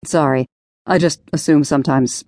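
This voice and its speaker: A woman's voice: sits low, fairly even intonation, moderate pace, mellow, no room sound, studio quality. A woman voicing a charming young male singer who talks in an easygoing, slightly sheepish way.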